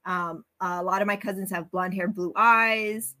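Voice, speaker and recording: A woman from the Bronx, a guest on a podcast, telling stories in an animated, casual way and laughing easily. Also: medium pitch, unhurried. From the Bronx, New York. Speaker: podcast guest, brand creator. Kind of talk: casual conversational interview.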